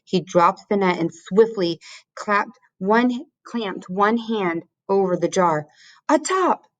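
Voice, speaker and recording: A teacher reading a children's book aloud in a measured storytelling manner. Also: female voice, medium pitch, highs cut off.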